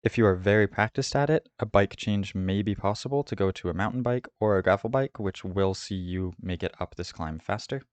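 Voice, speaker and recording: Low-voiced man explaining a race route. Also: brisk, few pauses, no room sound. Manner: steady, methodical explaining. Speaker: host of a cycling route guide. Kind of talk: scripted voice-over over game footage.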